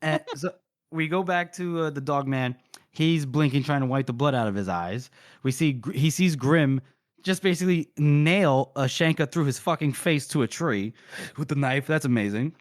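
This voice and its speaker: A male podcast co-host retells a book chapter in casual, lively chat. He gets excited and rushes his narration whenever a fight comes up. The close mic sounds dry, with no room echo. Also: a little high. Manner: excitable, narrates battles fast and acts out characters' lines.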